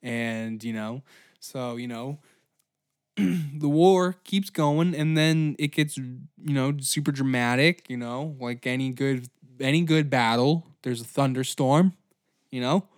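A man's voice: medium pitch, slow, no echo. Profane, ranting man on a dry mic. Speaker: podcast host. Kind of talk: comedic history podcast rant.

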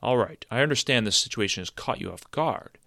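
Man doing an old wizard stuck as a stump, bossy and firm, lowish voice, dry sound. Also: expressive, fairly quick, vocal fry, sharp tone, no echo, full character voice. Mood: confident. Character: old male wizard trapped as a stump, commanding.

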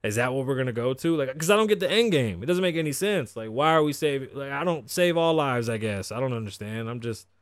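A man's voice: medium pitch, lively intonation, fast, hardly any pauses, no echo, studio quality. A man hosting a podcast, riffing on news in a casual, profane and opinionated way. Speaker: podcast host.

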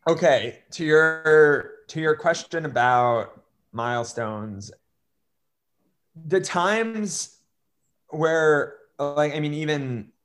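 A young man talking earnestly in an interview, with halting restarts and many fillers, at times choked up. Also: a little high, lively intonation, a bit bright. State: choked up with emotion. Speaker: guest. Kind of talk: conversational interview.

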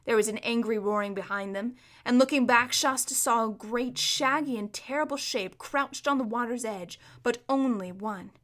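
A woman narrates a storybook, her voice sitting a little high. She reads steadily and in a measured way, now and then tripping over a word and correcting herself. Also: a bit bright. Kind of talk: storybook reading aloud.

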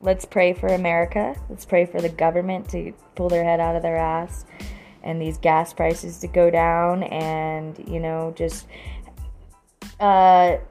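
A woman's voice: lowish voice, little pitch movement, measured pace, warm tone, soft background music. A young adult woman in a casual, rambling monologue, earnest and heavy on "you know" fillers.

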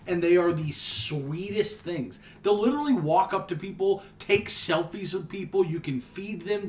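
A young man co-hosting a casual sports podcast, playful and animated as he tells stories. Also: sits high, normal speed, hardly any pauses. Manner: playful, storytelling, animated when excited. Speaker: podcast co-host. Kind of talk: casual chat.

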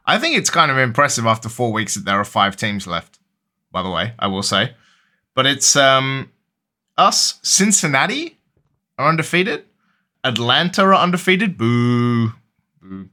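Upbeat man with a bright, lively voice. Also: medium pitch, moderate pace, pauses often. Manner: upbeat, playful. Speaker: podcast co-host. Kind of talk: casual sports chat.

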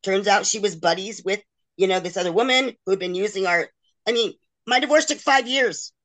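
She's a middle-aged woman with a medium-pitched, slightly bright voice, talking fairly quickly as an interview guest. Her account of a long personal ordeal is emotional and frank, with quoted words from others acted out.

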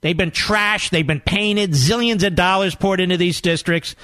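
Combative high-pitched talk radio host man. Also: bright, forceful tone, no room sound. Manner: combative, rapid-fire rhetorical questions; emphatic, rallying. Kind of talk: political talk radio monologue.

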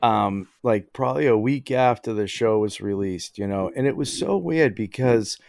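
A middle-aged man with a somewhat low voice tells stories in a loose, chatty way, packed with "you know" and "like". The sound is dry and close to the mic. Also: moderate pace, vocal fry, a little mellow, dry recording. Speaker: guest. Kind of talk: casual storytelling.

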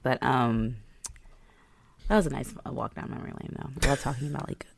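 A woman's voice: extremely low pitch, a little fast, creaky, no room sound. A woman co-hosting a podcast in casual chat, recapping a TV show, chatty with lots of fillers. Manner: chatty, filler-heavy, laughs at herself. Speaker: podcast co-host.

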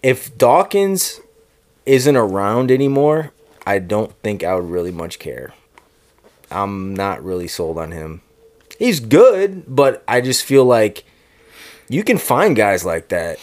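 A man co-hosting a wrestling podcast who gives blunt opinions in casual chat, often dropping low and quiet. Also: very animated, slow pace. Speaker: podcast co-host.

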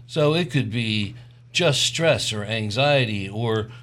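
A man's voice: fairly low pitch, lively intonation, takes it slowly, a bit bright. A man in his sixties co-hosting a podcast, chatting casually and joking with his wife. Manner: easygoing, joking. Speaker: podcast co-host. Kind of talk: casual chat with spouse.

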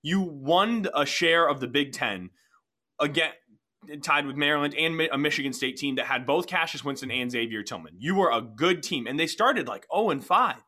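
A man's voice: fairly high pitch, animated, moderate pace, sharp tone. A man co-hosting a casual sports podcast, playful and teasing as he argues his picks. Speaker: podcast co-host.

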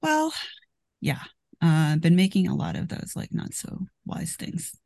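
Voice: medium pitch, fairly even intonation, unhurried, vocal fry, mellow, no room sound. A player in a tabletop game, speaking partly in character and rambling with lots of fillers. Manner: rambling, full of "like".

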